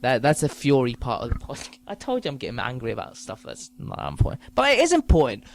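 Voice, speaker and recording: A man's voice: mid-range voice, huge pitch swings, quick pace, creaky. A man hosting a comedy podcast, ranting profanely about trivial things. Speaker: podcast host. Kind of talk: comedic rant.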